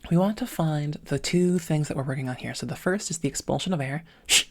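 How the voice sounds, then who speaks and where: A woman teaching a voice lesson, with a thin, slightly smoky voice and a touch of vocal fry, talking methodically through each step. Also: low-pitched, fast, darkish tone. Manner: methodical, breaking sounds into parts, with many "um"s. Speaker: voice training coach. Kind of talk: instructional voice lesson.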